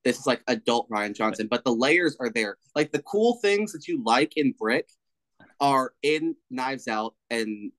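A man's voice: mid-range voice, lively intonation, measured pace, fairly bright tone, no room sound, rough recording. Male podcast co-host: casual, emphatic, swears freely, dry close sound. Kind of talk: casual chat.

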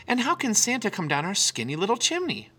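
Man putting on a high little girl cub, eager, pleading, bouncing pitch, storybook. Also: wildly swooping pitch, fairly quick, pushed and bright, full character voice. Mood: wondering.

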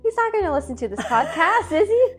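High-voiced giggly young woman rambling. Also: sing-song, fast talker, faint music behind. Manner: self-deprecating, rambling, giggly. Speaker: podcast co-host. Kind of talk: casual chat.

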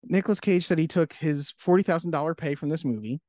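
Guy cohosting a podcast, talks quick, slightly high voice, laughs a lot, dry close mic. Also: dark tone, dry recording. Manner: laughs often, acts out quotes. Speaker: podcast co-host. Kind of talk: casual chat.

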